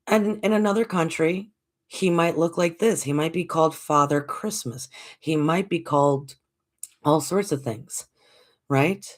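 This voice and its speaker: A woman in her forties tells a story in a relaxed, easygoing way. She talks slowly and acts out the voices of the people in her story. She laughs often as she goes. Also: deep voice. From United States. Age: 40s. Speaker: livestream host. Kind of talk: casual storytelling.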